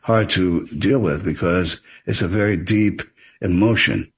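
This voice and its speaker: A man's voice: low-pitched, unhurried, husky. A man being interviewed as an author, explaining things in an earnest, advisory way. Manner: earnest and advisory, acts out example dialogue.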